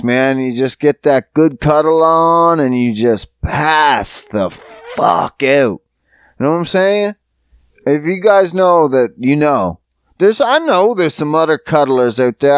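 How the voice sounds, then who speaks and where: A man's voice: fairly high pitch, no room sound. A man hosting a podcast who talks to his listeners in a casual, rambling monologue, swearing freely and joking. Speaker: podcast host.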